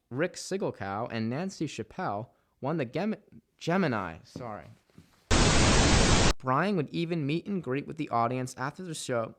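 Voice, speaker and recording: A man's voice: mid-range voice, expressive, moderate pace, over music. A man voicing narration who often stumbles over words, apologizes and rambles between takes. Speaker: voice actor reading narration. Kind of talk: script read-through with outtakes.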